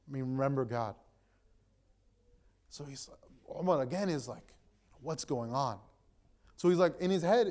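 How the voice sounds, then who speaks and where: A young man, an imam, retelling a story to a gathering in a relaxed, conversational way, full of fillers and restarts. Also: fairly high pitch. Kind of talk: casual storytelling talk.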